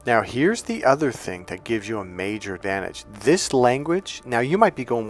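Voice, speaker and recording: A man giving casual dating advice as a coach, telling lively stories and acting out the people in them, blunt and a bit crude. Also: medium pitch, normal speed, few pauses, soft background music. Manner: animated storyteller who acts out the people he quotes. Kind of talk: casual motivational monologue.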